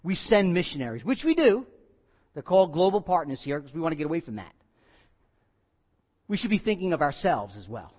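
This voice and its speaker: High-voiced emphatic male pastor preaching. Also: very animated, brisk, pauses often, highs cut off. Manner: emphatic, repeats key phrases, swings from loud to quiet. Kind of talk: sermon.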